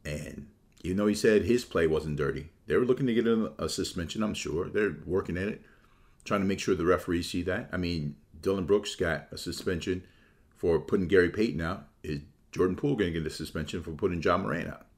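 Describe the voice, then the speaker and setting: A man giving a casual, opinionated sports monologue, shifting between relaxed talk and animated, mocking quotes. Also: low-pitched, fairly quick. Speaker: sports commentator.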